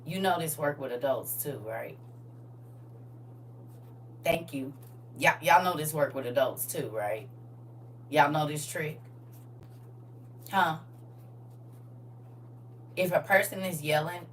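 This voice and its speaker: A middle-aged woman hosting a casual livestream, talking in a lively, folksy way to her viewers and sometimes dropping to a soft whisper. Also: sits low, slow pace, long pauses. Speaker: livestream host. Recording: distant mic with faint hum.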